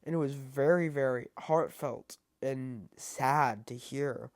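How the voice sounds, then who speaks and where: A man giving a casual spoken film review, halting and full of fillers and restarts. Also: mid-range voice, dry recording, studio quality. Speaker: movie reviewer.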